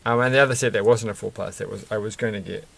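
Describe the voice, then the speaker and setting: A man talks in a loose, rambling way, chuckling and correcting himself as he goes. His voice sits low with a gravelly fry to it. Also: fairly even intonation, racing, a bit bright. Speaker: Lego build vlogger. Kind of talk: casual chat while building.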